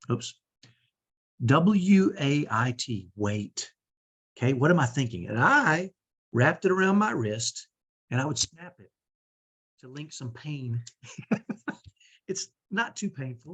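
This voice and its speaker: Husky earnest middle-aged man coaching. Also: on the high side. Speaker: parenting coach. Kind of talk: online training talk.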